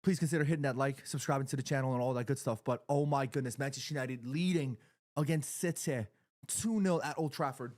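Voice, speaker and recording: A man streaming a live football watchalong, excitably commenting on the play and reading out viewers' chat messages. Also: medium pitch, fast talker, no echo, studio quality. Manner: excitable, chatty fan commentary.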